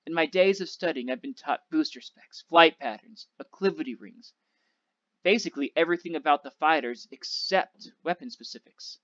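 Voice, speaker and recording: A male teacher reading a novel aloud to his class, with a steady, measured storytelling delivery. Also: on the high side, no room sound. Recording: dull, dry lo-fi recording.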